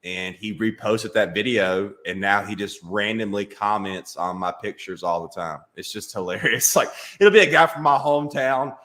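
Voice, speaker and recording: Male comedian, Alabama drawl, lowish voice with a bright edge; dry, self-mocking storyteller. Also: moderate pace, few pauses. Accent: Southern US, Alabama. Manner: deadpan self-mocking tall-tale telling. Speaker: comedian guest. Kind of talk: casual storytelling interview.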